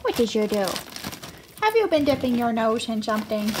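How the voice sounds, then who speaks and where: A woman's voice: high-pitched, very animated, normal speed, background noise. A young woman vlogging with her pet rats, coaxing them in a sing-song, affectionate voice. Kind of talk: cooing baby talk to pets. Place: at home by a pet cage.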